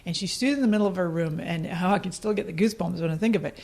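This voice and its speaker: A middle-aged woman with a Scottish accent, a podcast guest telling stories in casual talk. She laughs often and acts out her own past remarks in a higher voice. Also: rapid-fire, vocal fry, a little mellow. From Scotland. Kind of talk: casual storytelling interview.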